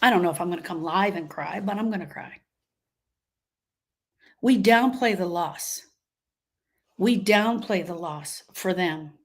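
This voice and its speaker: This woman's voice is on the low side, unhurried, and full of pauses. She is a grief coach giving a live motivational talk, emphatic in tone, repeating her lines and acting out quoted voices.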